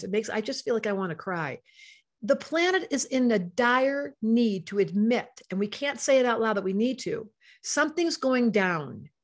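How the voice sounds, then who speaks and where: An older woman speaking with fervent emotion on a live stream. Her voice sits fairly high as she teaches astrology and reads viewers' chat comments aloud.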